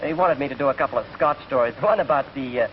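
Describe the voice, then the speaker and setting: A man's voice: medium pitch, fast talker, slight background noise, close to an everyday voice. A young English man in his twenties, a genial, chatty entertainer telling jokes in 1940s film dialogue, on a muffled old film soundtrack. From England. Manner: genial, chatty storyteller who laughs at his own gags. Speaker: entertainer just out of the service.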